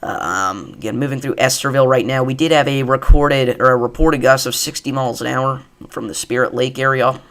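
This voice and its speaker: A man hosting a live severe weather stream, giving excited commentary and repeating safety warnings as he tracks tornadoes. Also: medium pitch, a little fast, hardly any pauses. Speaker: livestream weather host.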